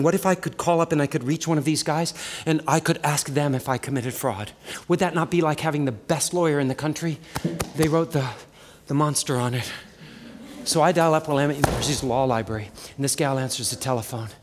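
A man from Oregon performing a comic one-man stage monologue, telling his story in an animated, frantic way. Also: a little high, fast talker, slight background noise. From Oregon, USA. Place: live theater with audience. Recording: long reverb of a live theater.

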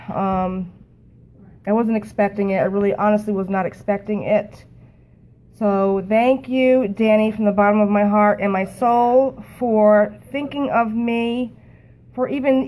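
A woman talking to a phone camera in an emotional, halting way, often repeating herself. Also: medium pitch, a little mellow, rough recording. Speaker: network marketing team member. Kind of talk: emotional casual talk to camera.

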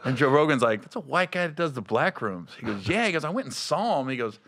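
A man hosting a comedy podcast in casual chat, telling quick anecdotes and laughing often. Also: fairly high pitch, big pitch swings, fairly bright tone.

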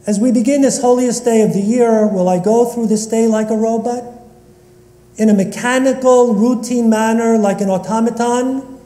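A man giving a sermon as rabbi in a synagogue, asking slow, reflective rhetorical questions. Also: very high voice, steady tone, mellow. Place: synagogue sanctuary. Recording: echoey long reverb of a large hall.

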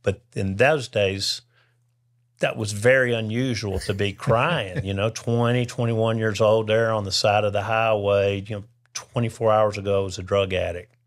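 A man's voice: lowish voice, normal speed. A man, a podcast guest telling a personal faith testimony and acting out the people he quotes. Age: 60s. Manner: lively storyteller who acts out the people he quotes.

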